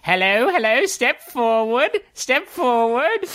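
A man's voice: extremely high pitch, big pitch swings, slow pace, a bit bright, voice pushed up, heavily acted. A man voicing a cheerful dwarven woman who conjures and fries food, with an eager, sing-song delivery.

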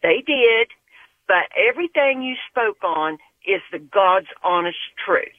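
A woman from Tennessee with a Tennessee accent, calling in to a radio show, slow and earnest. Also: mid-range voice, lively intonation, no room sound. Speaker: caller. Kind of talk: phone call to radio show. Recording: tinny phone line.

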